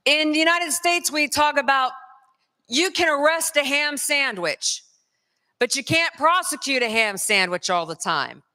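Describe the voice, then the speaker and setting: A woman from North Carolina with a Southern accent, giving a lively conference lecture straight to the audience. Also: sits high. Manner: lively, addresses the crowd directly. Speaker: conference speaker. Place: large conference hall. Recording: long hall reverb.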